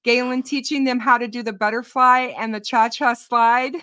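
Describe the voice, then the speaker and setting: A woman hosting a true crime show on a livestream, over a video call. Her voice sits rather high and sounds very bright and clear. She speaks gently to reassure, slowly and with pauses. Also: steady tone. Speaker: true crime channel host. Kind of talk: casual livestream chat.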